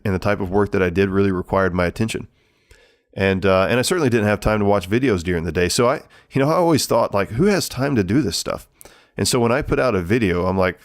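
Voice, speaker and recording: A man's voice: sits low, no echo, clean studio sound. A middle-aged man hosting a solo podcast, talking casually with many fillers and restarts. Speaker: podcast host.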